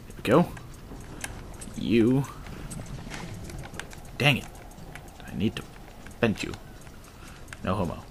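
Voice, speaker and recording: Low-voiced, sarcastic gamer man. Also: slow, pauses often, slight background noise. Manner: excitable, sarcastic and swearing. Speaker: gaming video host. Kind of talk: casual let's-play commentary.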